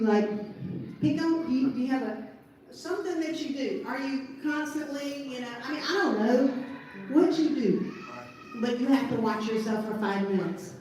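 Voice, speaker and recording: A woman giving a lively seminar coaching talk to an audience, asking rhetorical questions. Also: high voice, a little hiss or hum. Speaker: seminar presenter. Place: large event hall. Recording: echoey hall, voice from far off.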